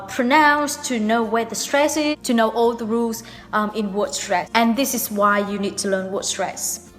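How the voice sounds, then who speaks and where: Young vietnamese-accented woman teaching english pronunciation, highish voice, long reverb, soft music behind. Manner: slow, emphatic teaching delivery. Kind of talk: video lesson.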